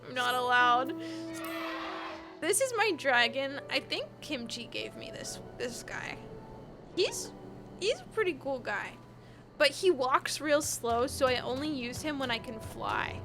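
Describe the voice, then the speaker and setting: Young woman game streamer, high voice, tired and chatty, giggles a lot. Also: sing-song, measured pace, pushed and bright, faint music behind. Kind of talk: casual live-stream chat.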